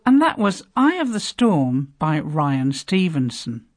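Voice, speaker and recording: Woman radio host, animated intonation, scripted link. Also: low-pitched, slow pace.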